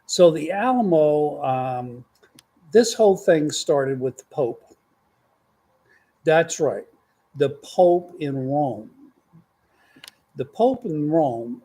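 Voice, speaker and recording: Older grandpa rambling along, kinda high but mellow voice. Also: male voice, breathy edge. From Texas. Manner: rambling, folksy, meandering. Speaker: grandfather podcast host. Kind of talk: casual storytelling chat.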